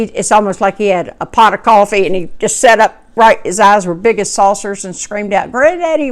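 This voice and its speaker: Middle-aged woman, folksy, rambling storyteller with a smooth, clear voice. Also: medium pitch. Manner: rambling, self-correcting, folksy. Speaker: cooking channel host telling a personal story. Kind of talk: casual personal storytelling.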